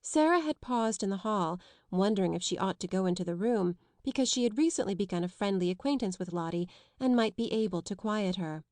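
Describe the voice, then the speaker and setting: A woman narrating a classic children's novel in a measured storytelling voice. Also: mid-range voice, lively intonation, a little mellow, no room sound, studio quality. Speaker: audiobook narrator. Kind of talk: scripted narration.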